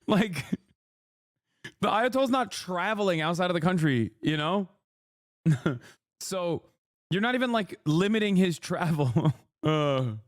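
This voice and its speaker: Profane, heated male streamer. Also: fairly high pitch. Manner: profane, heated, sarcastic, laughs often. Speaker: streamer reacting to videos. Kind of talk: casual reaction commentary.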